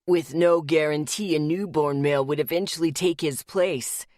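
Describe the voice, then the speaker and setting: A woman's voice: low-pitched, fairly even intonation, moderate pace, a little mellow, dry recording, clean studio sound, voice pushed down, natural voice. A woman narrating an audiobook, voicing a blunt, practical young male werewolf who talks firmly.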